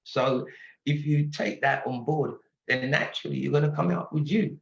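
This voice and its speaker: A man's voice: a little high, moderate pace, gravelly. A man in his sixties with an English accent, a guest telling stories animatedly in a casual interview, laughing often. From England. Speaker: guest singer. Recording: roomy, dull-sounding audio.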